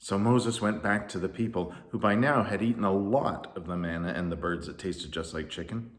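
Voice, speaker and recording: A man narrating a children's story in a lively, animated way. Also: sits low, moderate pace. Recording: roomy echo.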